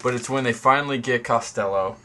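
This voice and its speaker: A man's voice: mid-range voice, a little fast, bright, forceful tone, a little hiss or hum. A man co-hosting a podcast, casually and hesitantly discussing a film. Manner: chatty, hesitant, trails off. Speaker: podcast co-host. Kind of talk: casual movie review chat.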